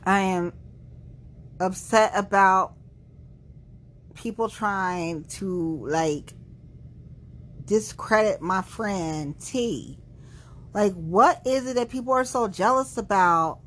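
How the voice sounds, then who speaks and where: Woman, podcast host, tipsy, heated rant, mid-pitched voice. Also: fairly bright tone. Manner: heated, emphatic, quick bursts between slow drawn-out words. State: tipsy after several drinks. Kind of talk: casual venting monologue.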